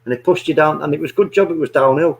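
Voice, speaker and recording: A man's voice: on the high side, fast, creaky, muffled recording. A man, co-hosting a football watch-along in casual, swearing banter. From England. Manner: loud, banter-heavy, swearing, laughing. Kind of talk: casual chat.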